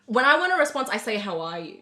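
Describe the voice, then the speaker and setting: A young Australian woman hosts a casual podcast chat in a bright, fairly high voice. Her pitch moves a lot, and she giggles often between words. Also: sing-song, quick pace. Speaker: podcast host.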